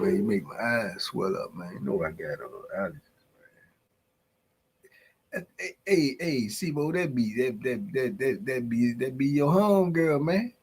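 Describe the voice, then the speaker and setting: A man's voice: medium pitch, slightly rough, low-quality recording. A man hosting a morning podcast in casual banter, laughing often as he reacts to his chat. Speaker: podcast host. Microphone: podcast mic.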